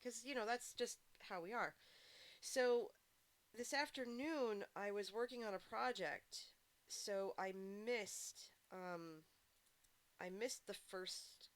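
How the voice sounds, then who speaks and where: A woman's voice: medium pitch, unhurried. A woman chatting casually while streaming a game, rambling through stories and answering her chat.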